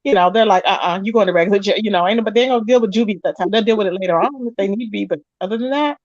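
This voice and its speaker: A woman chatting casually and telling an animated story, jumping up high to mimic other people. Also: rapid-fire, no echo. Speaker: podcast co-host telling a jail story. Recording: slightly dull lo-fi sound.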